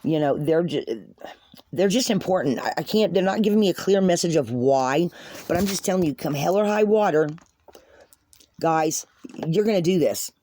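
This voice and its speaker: A woman's voice: on the low side, expressive, moderate pace, mellow, slight background noise. Earnest, rambling woman tarot reader. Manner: earnest, repetitive, rambling, addresses viewers as guys. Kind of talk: spoken tarot reading to viewers.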